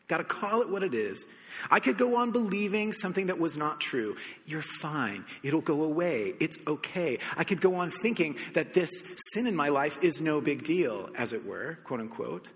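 A man from the United States preaching a sermon, telling a personal story with animated shifts between soft reflection and excited emphasis. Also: on the high side. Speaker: pastor. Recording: long hall reverb.

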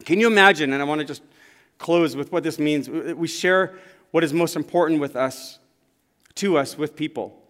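A man's voice: a little high, normal speed, a bit bright. A male pastor preaching in a church, telling stories in an earnest, conversational way. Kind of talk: sermon. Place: church sanctuary. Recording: long reverb of a large church hall.

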